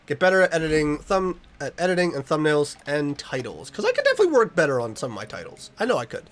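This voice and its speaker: A man's voice: on the high side, huge pitch swings, quick pace, fairly bright tone. A young man streaming a casual chat with his viewers, earnest and rambling as he reads their messages aloud.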